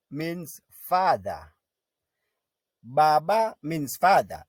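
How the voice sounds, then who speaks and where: A man teaching a pronunciation lesson, sounding out syllables one by one and repeating each word slowly and deliberately. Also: on the high side, big pitch swings, breathy edge, no room sound. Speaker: language teacher.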